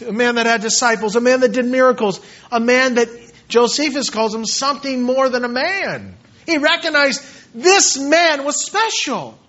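A man preaching with fervor, his voice pitched very high and ringing sharp and bright. He drives his sermon hard and slips into mocking voices for the doubters. The recording sounds dull and lo-fi. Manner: impassioned, mimics doubters in quoted asides.

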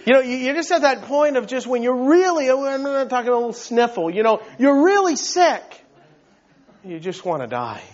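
A man's voice: extremely high pitch, very animated, moderate pace. A male pastor preaching a sermon, earnest and emphatic, often repeating words as he builds his point, on a dull, lo-fi recording.

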